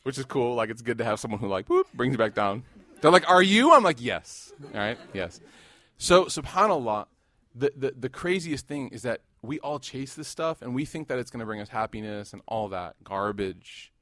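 A man in his thirties giving a sermon, mixing laughing stories with hushed, earnest reflection. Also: mid-range voice, normal speed, no room sound, clean studio sound. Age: 30s. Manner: animated, jokes and rises loud in anecdotes, hushed and earnest in devotion. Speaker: Muslim preacher. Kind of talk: sermon with storytelling.

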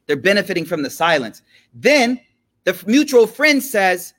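A man giving a relaxed religious lesson, telling a story in slangy everyday talk and often checking that his listeners follow. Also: sits high, moderate pace. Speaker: religious teacher. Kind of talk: casual storytelling lecture.

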